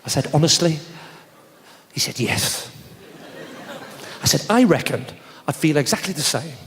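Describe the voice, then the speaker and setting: A man doing live stand-up comedy, telling a sarcastic story in an animated way with shouted punchlines. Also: on the high side, a little slow. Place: large theatre stage with audience. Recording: live hall recording with reverb and crowd noise.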